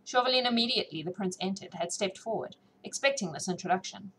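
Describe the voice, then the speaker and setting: A woman narrating a classic novel audiobook in a measured, expressive reading. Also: mid-range voice, slight background noise, low-quality recording. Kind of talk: scripted narration.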